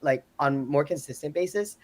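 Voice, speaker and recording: A man with a fairly high-pitched voice, speaking at normal speed, appears as an exchange student guest on a live panel. He talks casually, telling stories in an animated way and acting out what people said.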